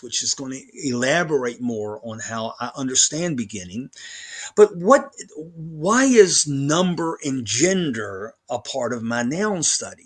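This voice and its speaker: A man's voice: mid-range voice, a bit bright. A man lecturing on grammar as a professor, emphatic, often repeating words and restarting his sentences. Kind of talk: recorded lecture.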